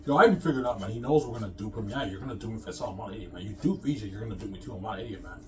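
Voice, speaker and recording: Man, low voice, rapid rant, repetitive, distant mic, steady background noise. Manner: ranting, repetitive, fast. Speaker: vlogger. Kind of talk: rambling monologue.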